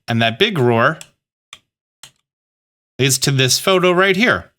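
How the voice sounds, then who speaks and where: A man's voice: mid-range voice, expressive, slow pace, bright, forceful tone. A man hosting a game guide, explaining steps and growing exasperated as he talks to the creature on screen. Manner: instructive, repeats "okay?". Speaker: gaming guide host. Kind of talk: game commentary walkthrough.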